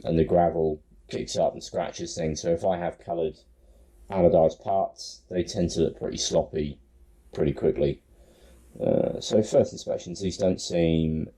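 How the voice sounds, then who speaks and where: Middle-aged male host, deep and mellow voice, relaxed build walkthrough with frequent ums. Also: rough recording. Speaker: RC hobby channel host.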